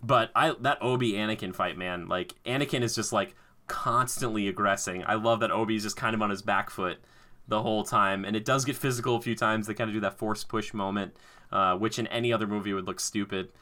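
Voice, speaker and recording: A man chatting casually, animated and enthusiastic, acting out lines with laughs. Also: fairly low pitch, a little fast. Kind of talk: casual chat.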